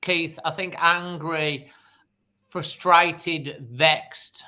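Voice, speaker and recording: A man hosting a fan phone-in, speaking briskly and handing the talk to callers. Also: fairly high pitch, steady tone, pushed and bright. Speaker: host.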